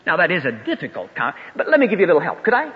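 An older man preaching a sermon in a folksy, emphatic way, his voice swinging up and down. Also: rapid-fire. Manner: animated, swooping pitch, folksy and emphatic. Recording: echoey hall, dull lo-fi sound.

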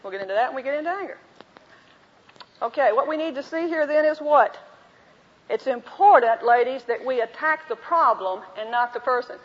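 Woman teacher, high voice, story-driven delivery playing each part herself; muffled old recording in a big echoing hall. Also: animated, moderate pace. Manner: storytelling, acts out both sides of dialogues. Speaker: women's Bible teacher. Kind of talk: teaching talk to a women's group with anecdotes. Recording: dull lo-fi recording in a reverberant hall.

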